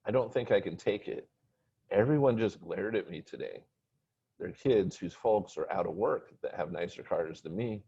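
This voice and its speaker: A man's voice: low voice, expressive, normal speed, mellow, husky, exaggerated voice. A man voicing a frustrated sixteen-year-old boy who talks in pleading, whiny complaints. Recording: dull lo-fi recording.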